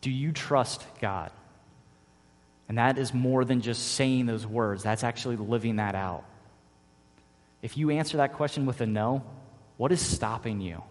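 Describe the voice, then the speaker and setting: A man's voice: medium pitch, a little slow, long pauses. A man, a father, preaching a sermon as pastor, earnest and repeating key phrases for emphasis. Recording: long reverb of a large hall.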